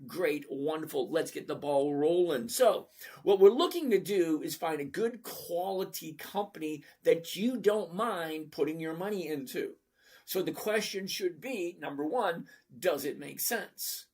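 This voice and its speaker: A man's voice: a little high, lively intonation, a little slow, darkish tone. A man in his fifties hosting a casual live stream, chatty and jokey as he greets viewers one by one and teaches investing.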